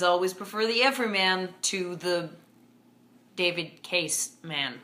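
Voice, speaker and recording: Young female book vlogger, lower-pitched but bright tone, animated casual delivery. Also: a little hiss or hum. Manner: chatty and animated, with playful emphasis and quick asides. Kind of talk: casual chat.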